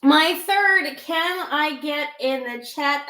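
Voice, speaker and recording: A woman's voice: high-pitched, lively intonation, slow pace, pushed and bright, echoey room. A woman in her thirties co-hosting a podcast, talking in a rambling, casual way full of fillers and playfully acting out quoted lines. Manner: chatty, rambling, lots of "like" and "um". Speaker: podcast co-host. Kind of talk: casual chat.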